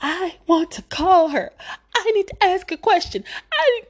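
A woman voicing a stubborn female lawyer who pleads in a whiny, high voice. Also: expressive, a little slow. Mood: pleading.

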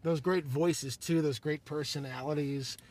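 A man's voice: on the high side, fairly even intonation, measured pace, a little mellow. A man hosting a podcast, chatting casually in a rambling, self-deprecating way and laughing often. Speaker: podcast host. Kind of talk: casual chat.

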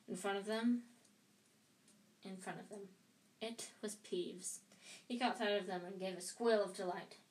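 A woman's voice: mid-range voice, steady tone, measured pace, pauses often, darkish tone. A woman reading a novel aloud who often stumbles and rereads words, recorded from a slightly distant mic. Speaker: reader.

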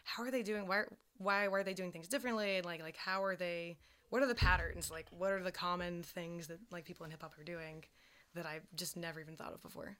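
Brief: young woman from Georgia, podcast co-host, lower voice, smooth tone, loose and rambling with lots of fillers. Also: fairly even intonation, fairly quick, fairly bright tone. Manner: rambling, filler-heavy, laughs easily. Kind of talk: casual chat.

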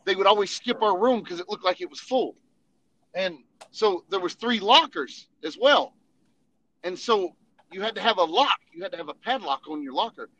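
A man's voice: sits high, animated, normal speed, bright, forceful tone, poor audio. A man telling funny army stories in casual, profane storytelling, laughing and acting out voices as he goes. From Tennessee.

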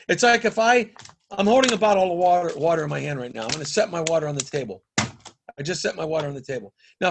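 A man's voice: high voice, a bit bright. A man, a podcast guest, talking in a casual conversational way, emphatic and repetitive as he builds his argument step by step.

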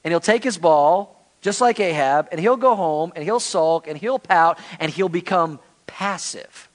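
High-voiced man preaching a sermon. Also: measured pace. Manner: animated, conversational preaching. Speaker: pastor.

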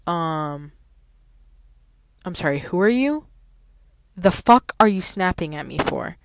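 A woman's voice: lowish voice, lively intonation, slow, smooth. A woman telling a storytime rant about her parking job in a blunt, profane, sassy way, with sudden emphatic outbursts. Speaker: valet parking attendant.

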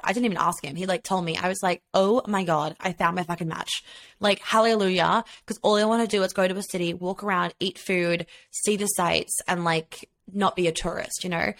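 A woman co-hosting a podcast in casual chat, candid and expressive, swearing freely. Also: medium pitch, fast, hardly any pauses. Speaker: podcast co-host.

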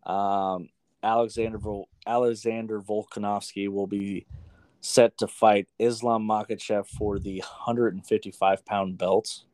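A fairly low-voiced American man rattles off fight cards and game scores in loose, profane sports-show chat. He stumbles over names and laughs them off. The sound is dry and close, with no room around it. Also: level tone, measured pace, a little mellow, dry recording. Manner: casual, swears often, stumbles over names. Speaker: sports podcast co-host.

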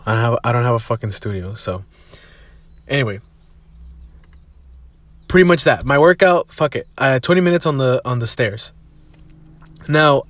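A young man hosting a casual solo podcast, rambling and swearing freely as he tells a story, recorded in a parked car. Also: medium pitch. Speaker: podcast host.

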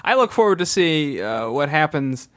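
A man's voice: on the high side, sing-song, moderate pace, fairly bright tone, no room sound, studio quality. A man co-hosting a casual comedic podcast chat, rambling and joking with lots of fillers and restarts. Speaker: podcast co-host.

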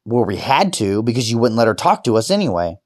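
A man lying in bed telling a painful personal story, halting and restarting, swearing and rising into angry outbursts. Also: mid-range voice, sing-song, no echo, clean studio sound.

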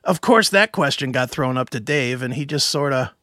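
A man co-hosting a show, telling a story in casual chat, animated and swearing, acting out other voices. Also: medium pitch, moderate pace, no room sound, studio quality. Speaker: podcast co-host.

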